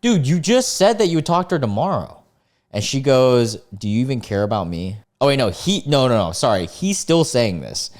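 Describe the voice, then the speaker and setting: A man's voice: medium pitch, big pitch swings, normal speed. A young man hosting a casual commentary, reading online messages aloud and reacting with incredulous, sarcastic remarks and lots of filler words. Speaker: host reading online posts.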